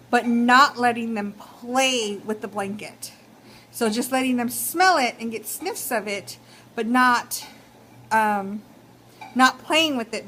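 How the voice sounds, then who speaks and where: Chatty Texan woman with a higher voice. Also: a bit bright, slight background noise, rough recording. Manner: chatty, many fillers like um and you know. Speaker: vlogger. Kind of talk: casual advice vlog.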